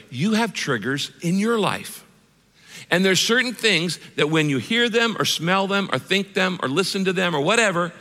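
A male pastor preaching a sermon in an animated, direct way, full of repeated words and questions to the listeners. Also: fairly high pitch, in a large hall.

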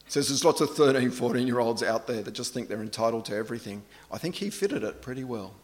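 A middle-aged man preaching a sermon in a relaxed, anecdotal way, poking fun at himself. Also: mid-range voice, fast. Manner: conversational, anecdotal, self-deprecating.

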